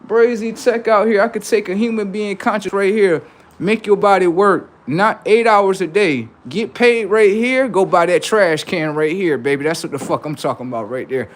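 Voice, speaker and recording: A man doing a smug alien-minded man who lectures humanity in a mocking, sing-song tone. The voice sits very high and swoops up and down. It teases its listeners without ever letting up.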